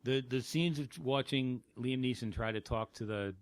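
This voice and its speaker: A man's voice: medium pitch, normal speed, no room sound. A man co-hosting a movie podcast in casual chat, sardonic and blunt. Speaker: podcast co-host.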